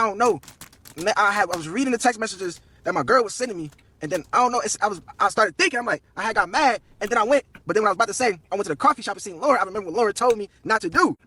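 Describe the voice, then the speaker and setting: A man's voice: high voice, bright, forceful tone, husky. A young man telling a long personal story on a live stream, slangy and profane, quoting everyone in turn.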